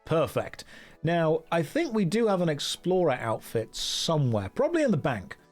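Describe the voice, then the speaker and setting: A man's voice: fairly high pitch, very animated, normal speed, soft background music. A man streaming a game, chatting casually, joking and reading chat aloud. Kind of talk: casual gameplay commentary.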